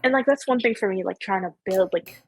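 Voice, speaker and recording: A woman's voice: mid-range voice, fast talker, darkish tone, husky, no room sound. A young woman from Canada with a light Ontario accent, hosting a casual podcast chat and rambling with lots of "like". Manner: rambling, heavy on filler "like". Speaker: podcast host.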